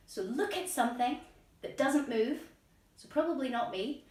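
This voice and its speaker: A woman's voice: high voice, lively intonation, normal speed, recorded from a distance. A woman leading a guided children's yoga lesson at home, playful and encouraging, with silly animal noises. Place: room at home with plants. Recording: echoey room, voice off-mic.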